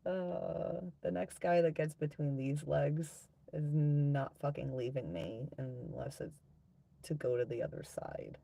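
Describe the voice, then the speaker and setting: NZ woman in her 30s hosting a live stream, low gravelly voice, slow and mellow, crude giggly banter. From New Zealand. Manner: crude, giggly, teasing banter with frequent laughter. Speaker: livestream host. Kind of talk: casual live chat with viewers.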